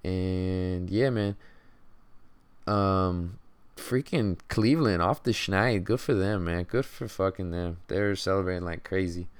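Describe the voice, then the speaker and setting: A man's voice: sits low, takes it slowly, clean tone, no room sound. A young man hosting a podcast, talking casually and ranting about sports, swearing constantly and calling people "man". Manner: profane, frustrated rambling with frequent "man". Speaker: podcast host.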